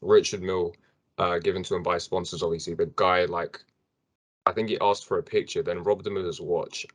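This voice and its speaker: Low-voiced young man hosting a podcast. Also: flat delivery, a little fast. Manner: chatty, rambling with fillers and restarts. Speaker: podcast host. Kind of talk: casual podcast chat.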